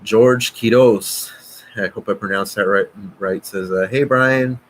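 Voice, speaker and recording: A man's voice: on the low side, fairly even intonation, a little slow, slight background noise, poor audio. A man hosting a live stream, reading out viewer comments and swearing, agitated. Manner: profane, agitated, reads viewer comments aloud. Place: at home.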